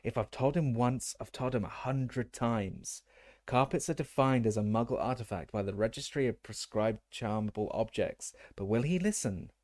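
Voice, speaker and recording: A man portrays a mild, tentative middle-aged father who sounds weary. His mid-range, slightly mellow voice moves at a moderate pace and sounds close to everyday speech, recorded at studio quality with no room sound.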